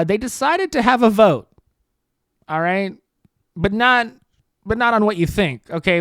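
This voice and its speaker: Brief: American male podcaster, sarcastic rambling rant, very animated pitch, dry close sound. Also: no echo. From United States. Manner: sarcastic, rambling, self-mocking. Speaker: podcast host. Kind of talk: solo podcast monologue.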